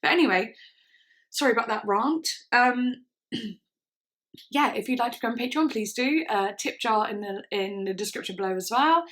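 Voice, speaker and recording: Chatty young woman, bright voice. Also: a little high, expressive, normal speed. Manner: chatty and enthusiastic, sings along to snippets. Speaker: music reaction vlogger. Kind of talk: casual reaction chat. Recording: music playing faintly behind the voice. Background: song playing in the background.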